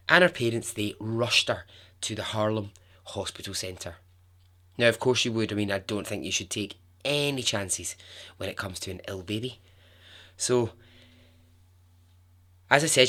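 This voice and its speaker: Chatty man telling a story. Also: lowish voice. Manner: chatty, expressive, with asides. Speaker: podcast host. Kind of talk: casual podcast storytelling.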